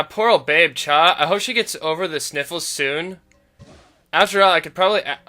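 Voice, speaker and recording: A man's voice: on the high side, sharp tone. A man voicing a laid-back female witch in a valley girl voice, drawling and tacking "cha" and "brah" onto her sentences.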